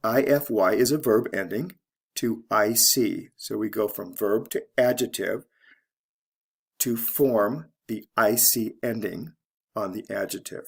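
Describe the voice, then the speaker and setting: A man teaching English pronunciation, explaining word stress slowly and deliberately and spelling out letters one by one. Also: on the low side, gravelly, slightly rough. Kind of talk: slow instructional explanation.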